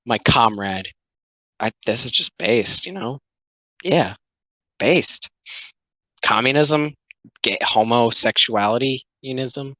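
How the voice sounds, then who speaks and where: A man giving sarcastic, swearing comedic commentary, jumping between deadpan muttering and loud outbursts. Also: medium pitch, unhurried, pauses often, dry recording, low-quality recording.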